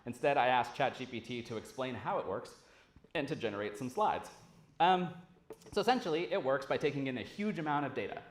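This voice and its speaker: A man giving a casual, animated conference talk, swearing freely as he speaks. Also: medium pitch, a little fast, slight background noise. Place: large lecture hall. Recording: roomy hall sound.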